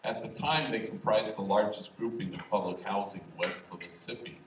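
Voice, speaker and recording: A man in his sixties, a priest telling humorous stories in a public talk at a university event hall. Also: fairly low pitch. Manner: humorous, anecdotal, unhurried. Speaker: priest and speaker. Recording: echoey hall, distant mic, faint hiss.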